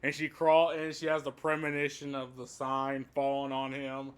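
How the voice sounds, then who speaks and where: A man's voice: mid-range voice, monotone, moderate pace, clear, resonant tone. A man giving a casual, rambling movie review, swearing often and laughing at the plot.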